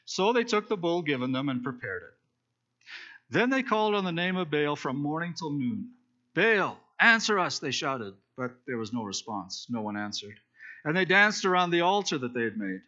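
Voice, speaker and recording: A man's voice: on the high side, sing-song, normal speed, bright, forceful tone. A man preaching in a casual, explanatory way, retelling a scripture story with fillers and restarts. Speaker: preacher teaching a Bible study. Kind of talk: conversational sermon, retelling scripture. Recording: dull lo-fi recording.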